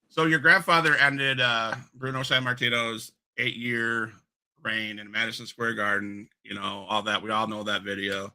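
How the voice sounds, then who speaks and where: A man's voice: on the low side, little pitch movement, normal speed, pushed and bright, low-quality recording. A man hosting an interview, asking friendly questions and often restarting mid-sentence. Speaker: interview host.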